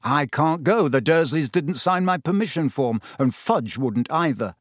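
A man's voice: fairly high pitch, animated, a little slow, no echo, studio quality. A man reading an audiobook and voicing a teenage schoolboy who speaks heavily and bitterly. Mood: glum. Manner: heavy, bitter. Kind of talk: audiobook character voice.

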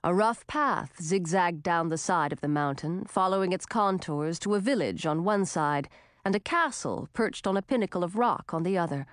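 A woman reading a storybook aloud in steady, scripted narration. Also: on the low side, moderate pace, no room sound, clean studio sound. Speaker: audiobook narrator.

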